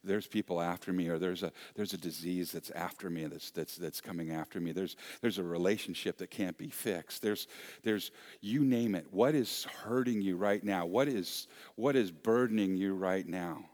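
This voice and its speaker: A man preaching a sermon as pastor, earnest and repetitive, moving between soft near-whispers and loud emphasis. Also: low-pitched, moderate pace.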